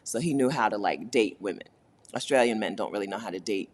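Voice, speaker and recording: A woman's voice: rumbling low, expressive, fast, darkish tone. A woman hosting a casual livestream chat, talking candidly and laughing often. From United States. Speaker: host.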